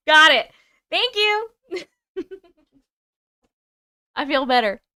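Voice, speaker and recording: A woman's voice: high-pitched, big pitch swings, drawn-out words, sharp tone, no echo, clean studio sound. A young adult woman hosting a live stream, chatting casually and laughing as she reads viewers' comments aloud. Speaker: YouTube live host.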